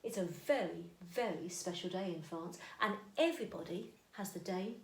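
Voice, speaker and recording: A woman teaching a French lesson to young children, talking slowly and clearly, sometimes singing greetings. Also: on the low side, echoey room. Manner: slow, animated teacher talk with sung greetings. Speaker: primary school French teacher.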